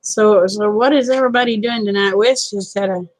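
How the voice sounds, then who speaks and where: Raspy, twangy woman, tired. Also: medium pitch, brisk, dry recording, low-quality recording. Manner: folksy, rambling, self-deprecating. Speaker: livestream host. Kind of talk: casual livestream chat with viewers. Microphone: phone camera close up.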